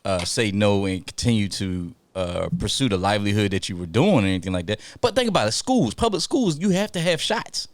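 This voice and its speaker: A man co-hosting a podcast, arguing and joking in a casual, animated way, often cutting in. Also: fairly low pitch, a little fast, few pauses, no echo. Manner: animated, interrupting, laughs often. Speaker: podcast co-host. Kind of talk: casual debate chat.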